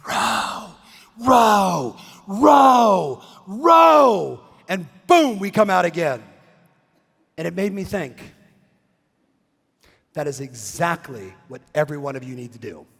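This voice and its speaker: A man giving an animated keynote talk in a big conference hall, acting out a story and breaking into shouts. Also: high-pitched, moderate pace, pauses often. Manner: excitable, acts out the scene and shouts. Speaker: real estate coach and keynote speaker. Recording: long reverb in a big hall.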